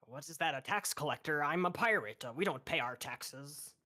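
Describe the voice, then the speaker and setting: A man's voice: a little high, animated, moderate pace, bright, forceful tone. A man voicing a young gray-haired pirate airship captain who wails dramatically in put-on pirate speech, over an online voice chat mic. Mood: gruff pirate. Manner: theatrical, wailing for his lost crew.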